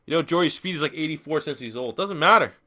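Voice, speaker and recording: A man's voice: on the high side, expressive, fast, sharp tone. A man in his twenties, a little tipsy from beer, giving rambling, profane, joking commentary while streaming a football video game. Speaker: gaming YouTuber streaming. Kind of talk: casual live-stream commentary.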